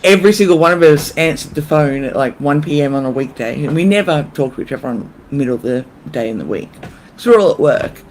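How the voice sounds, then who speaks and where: A woman co-hosting a casual chat, telling stories with animated delivery and frequent laughter. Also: deep voice, fast, a little hiss or hum. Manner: animated storyteller, laughs often. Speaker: co-host.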